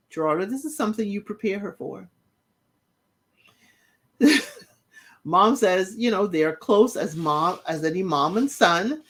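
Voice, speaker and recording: A woman hosting a casual recap show, retelling scenes and talking straight to the people in them. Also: mid-range voice. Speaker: reality TV recap host.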